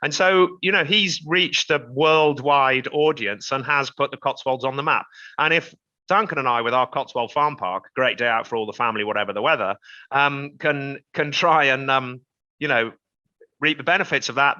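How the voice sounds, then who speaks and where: A man's voice: medium pitch, moderate pace, pushed and bright, lo-fi sound. A man from England, a farmer and TV presenter, talking upbeat and enthusiastic in an interview. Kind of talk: casual interview talk.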